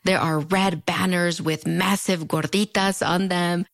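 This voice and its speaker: A woman's voice: fairly even intonation, measured pace, creaky, no echo, clean studio sound. A woman in her thirties with a fronterizo border accent, narrating a video essay in a wry, conversational way. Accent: fronterizo (US–Mexico border). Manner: wry, conversational, with big playful pitch swings. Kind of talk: scripted narration. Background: background music.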